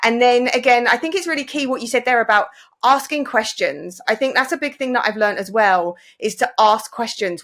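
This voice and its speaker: A woman's voice: on the high side, a little fast, a bit bright. A woman who hosts a parenting podcast, talking in a reflective, affirming way. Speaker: podcast host. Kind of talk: casual podcast conversation.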